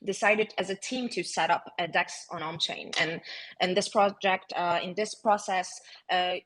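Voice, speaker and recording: Husky-voiced woman, hesitant guest. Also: lowish voice, fairly even intonation, moderate pace, fairly bright tone, poor audio. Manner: hesitant, with frequent "uh" and "um" and restarts. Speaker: guest, project team member. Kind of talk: interview answers.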